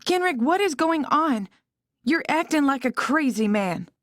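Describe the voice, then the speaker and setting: A woman's voice: sits high, animated, unhurried, a bit bright, no room sound, clean studio sound. A woman voicing a bewildered young modern heroine in an audiobook, startled and questioning. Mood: alarmed. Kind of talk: audiobook character voice.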